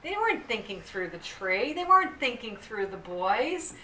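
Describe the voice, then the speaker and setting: A woman telling a story to a group in a lively, animated way, often restarting her sentences. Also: mid-range voice, normal speed. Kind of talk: storytelling talk. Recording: echoey room from far off, faint noise.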